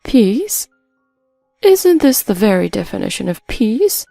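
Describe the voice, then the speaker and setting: A woman voicing a firm, brisk older sister who scolds and lays down conditions. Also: medium pitch, big pitch swings, vocal fry, mellow, no room sound, faint music behind, full character voice. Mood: stern brisk. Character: stern, scheming older sister, brisk and unsympathetic.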